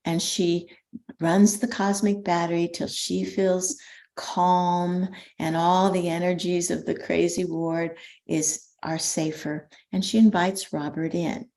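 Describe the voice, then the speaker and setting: An older woman with a slightly low voice tells a story to her listeners. She is a spiritual teacher who talks in an animated way and often pauses on "um" or starts a sentence over. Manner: animated storyteller, frequent ums and restarts. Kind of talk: storytelling talk.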